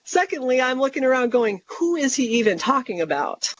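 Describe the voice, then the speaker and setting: A woman's voice: high voice, fairly quick. A woman guest on an interview show, telling a story with animation and acting out what she and others said. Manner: animated, quotes herself and others in lively voices. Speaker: guest author. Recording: dull lo-fi recording.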